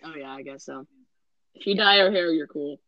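A woman's voice: low-pitched, moderate pace, bright, forceful tone, muffled recording. A woman in casual chat recapping a movie, rambling, correcting herself and tossing in sarcastic asides.

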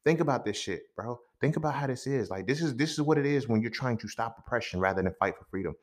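A young man hosts a solo podcast in a loose, conversational way. He talks bluntly, swears freely, and tells stories the way he would to a friend. His voice sits at an ordinary middle pitch for a man. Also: lively intonation, quick pace. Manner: blunt, profane, conversational storytelling. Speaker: podcast host. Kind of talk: casual solo commentary.

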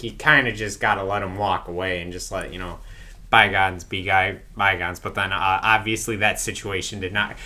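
Young male podcast host, bright voice, animated and loud with playful impressions. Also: fairly low pitch. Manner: animated, loudly mimics umpires. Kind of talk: casual podcast chat.

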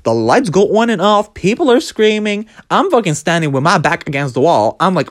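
A man's voice: on the high side, moderate pace, hardly any pauses. A man telling a story about his escape room trip in a casual vlog, dramatic and full of swearing. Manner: animated, profane, dramatic storytelling. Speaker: vlogger.

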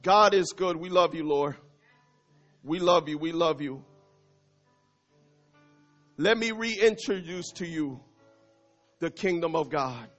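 A man preaching a passionate sermon as pastor, swinging between loud and hushed and dropping in Spanish phrases. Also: on the high side, slow, long pauses, highs cut off, soft background music.

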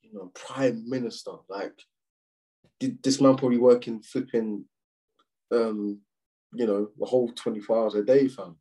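A young man, co-hosting a podcast in casual, slangy chat full of swearing and animated rants. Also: medium pitch, normal speed, pauses often, low-quality recording. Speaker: podcast co-host.

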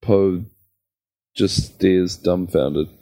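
A man playing his character in a tabletop game, talking haltingly with fillers. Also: low voice, steady tone, warm tone, no room sound. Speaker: player. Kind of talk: tabletop role-play.

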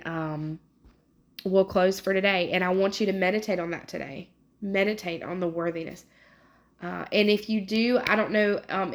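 A woman's voice: lowish voice, gravelly. A woman, reading scripture aloud and then talking earnestly and emotionally about it as a devotional prayer leader. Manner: earnest, emotional, with many restarts.

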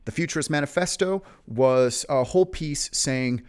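A man's voice: mid-range voice, moderate pace, clear, resonant tone. A young man hosting a casual history podcast, telling the story in a playful, teasing way with jokes along the way. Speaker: podcast host.

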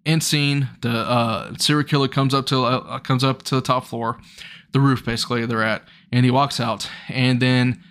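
A man's voice: medium pitch, steady tone, normal speed, a bit bright, clean tone. Young guy rambling thru an episode recap, casual chatty vibe, voice jumps up when he gets hyped. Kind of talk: casual retelling of an anime episode.

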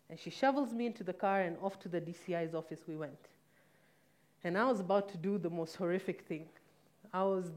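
A woman's voice: mid-range voice, darkish tone. A woman telling a painful personal story in a candid, reflective way, now and then correcting herself. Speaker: guest telling her own story.

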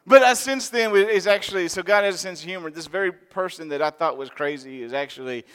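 A man preaching a sermon, telling a story in an animated, humorous way. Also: high-pitched, fast talker, clear, resonant tone. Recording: long reverb in a large hall.

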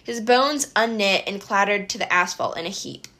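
A woman reading a first-person adventure audiobook with brisk, expressive storytelling. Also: mid-range voice. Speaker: audiobook narrator.

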